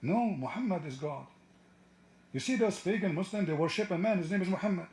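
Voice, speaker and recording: Mocking, combative high-voiced man. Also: animated, fairly quick, a little mellow, reverberant. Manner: mocking and combative, taunts and laughs at caller. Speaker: debate livestream host. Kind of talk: heated live call-in debate.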